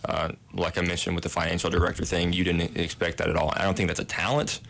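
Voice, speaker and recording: A man's voice: sits low, flat delivery, fast talker, creaky, fairly bright tone. A young man, a residence hall director, answering interview questions in a modest, self-deprecating way with easy laughs.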